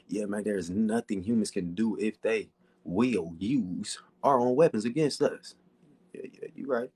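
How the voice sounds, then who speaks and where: Laid-back slangy man, low voice. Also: a little mellow, a little hiss or hum. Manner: laid-back, slangy, constant "you feel me" fillers. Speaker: livestream host. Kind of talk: casual livestream chat reading comments.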